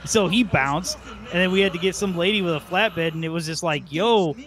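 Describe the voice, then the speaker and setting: A man's voice: sits high, fairly quick, a bit bright. A man chatting casually over a video game, rambling, chuckling and calling his friend "dude". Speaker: let's play co-host. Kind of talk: casual gaming chat.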